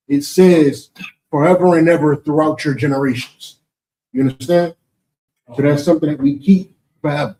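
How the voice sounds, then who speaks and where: A man's voice: fairly high pitch, warm tone, distant mic, poor audio. A man with an American accent teaching and answering questions in a preaching session, emphatic and rhetorical, often asking "you understand?".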